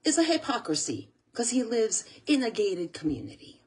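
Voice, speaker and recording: A woman's voice: on the high side, big pitch swings, normal speed, breathy edge. A woman from the United States, a channel host, talking earnestly to camera, close to tears and repeating herself. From USA. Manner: earnest, tearful, repeats phrases. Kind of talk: emotional monologue to camera.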